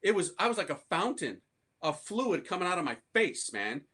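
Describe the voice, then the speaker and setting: A priest from the United States tells his conversion story to a live audience in a loose, slangy, animated way. His voice sits a little high for a man and rings bright and forceful. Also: moderate pace, breathy edge. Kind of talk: conversion testimony talk to an audience.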